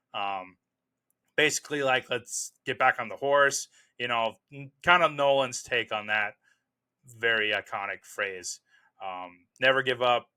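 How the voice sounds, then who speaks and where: A young adult man hosting a casual film review, talking in a relaxed, rambling way with many fillers. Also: mid-range voice.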